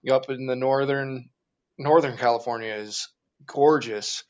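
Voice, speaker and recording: Relaxed man talking as a guest. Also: mid-range voice, normal speed, lo-fi sound. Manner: relaxed, easygoing, laughs along. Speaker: interview guest, group organizer. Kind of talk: casual interview conversation.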